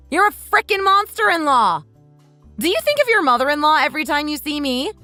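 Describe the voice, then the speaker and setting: Woman playing a fed-up daughter-in-law, sarcastic and cutting, high voice, very lively pitch. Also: dry recording, exaggerated voice. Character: fed-up sharp-tongued adult daughter-in-law. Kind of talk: dramatized text-story reading.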